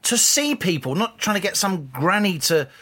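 A man's voice: high-pitched, expressive, normal speed, a bit bright, slight background noise. A man, co-hosting a podcast and talking in a blunt, exasperated way. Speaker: podcast co-host. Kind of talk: opinionated casual chat.

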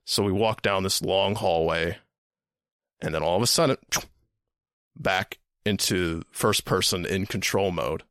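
A man's voice: low-pitched, unhurried, pauses often, a bit bright, dry recording, studio quality. A man hosting a podcast, telling a story in a rambling, casual way, repeating words and swearing now and then. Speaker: podcast host.

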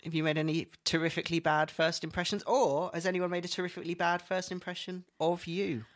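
A woman's voice: fairly low pitch, little pitch movement, fast. A woman co-hosting a podcast in casual chat, making dry, teasing jokes. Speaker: podcast co-host.

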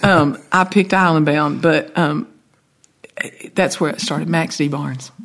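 Southern-accented woman, lowish husky voice, lively raconteur guest. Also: slow pace. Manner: chatty, animated storytelling with laughs. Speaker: songwriter guest. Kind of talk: casual storytelling chat.

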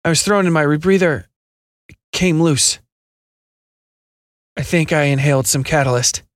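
A man reading a story, voicing an injured space station worker who talks haltingly through pain and coughs. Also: fairly high pitch, no room sound, clean studio sound, close to an everyday voice. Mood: strained.

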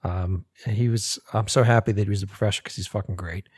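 An American man, a filmmaker, chatting casually on a podcast, animated, swearing often and laughing. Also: on the low side, fast, slightly rough, dry recording, studio quality. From United States. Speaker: filmmaker guest.

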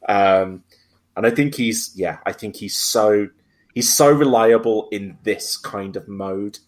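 Male host, lowish voice, casual film chat, halting delivery. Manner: hesitant, many restarts. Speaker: podcast host.

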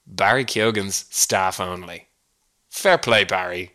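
A man's voice: fairly low pitch, animated, slow, sharp tone. A man with an Irish accent hosting a comedy podcast, rambling wryly with chuckling asides. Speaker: podcast host. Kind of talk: comedic solo monologue.

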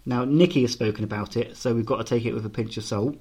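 A man's voice: mid-range voice, fast talker, darkish tone, breathy edge. Teasing man co-hosting a podcast. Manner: teasing, fond of crude jokes. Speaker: podcast co-host presenting news. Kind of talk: casual chat.

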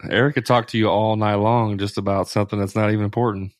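A man's voice: fairly low pitch, flat delivery, fast, no echo, studio quality. A man co-hosting a podcast, joking casually with his partner in a laid-back, teasing manner. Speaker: podcast co-host.

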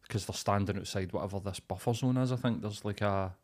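A man's voice: fairly low pitch, fast talker, a little mellow. A man hosting a podcast, chatting casually in a blunt, sweary, ranting way. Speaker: podcast host. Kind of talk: casual chat.

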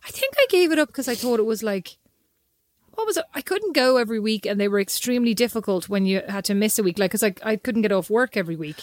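A woman's voice: on the high side, quick pace, no room sound. Chatty woman with a dry close sound. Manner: chatty, animated storytelling with quoted asides. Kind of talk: casual chat.

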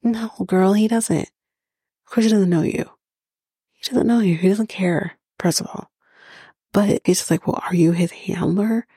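A woman's voice: medium pitch, a little slow, pauses often, mellow, breathy edge, no echo, studio quality. A woman hosting a podcast, recapping a reality show in a blunt, chatty way with plenty of swearing. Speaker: podcast host.

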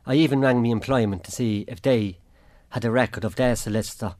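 A man's voice: mid-range voice, brisk, a little mellow. An Irish man giving a plain spoken account as an interview guest, acting out what others said to him. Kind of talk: personal account in a radio interview.

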